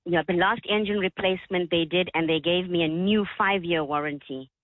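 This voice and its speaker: A woman's voice: fairly low pitch, brisk, no room sound. A woman phones in to a radio show, upset and emotional as she lays out her complaint. Her voice comes through a thin, tinny phone line. It sounds close and dry. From South Africa. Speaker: caller.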